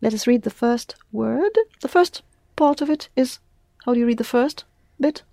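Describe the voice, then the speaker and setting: A woman's voice: on the high side, expressive, normal speed, creaky, warm tone, no room sound, studio quality. A woman teaching a language class, patiently prompting her students with questions. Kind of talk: classroom lesson.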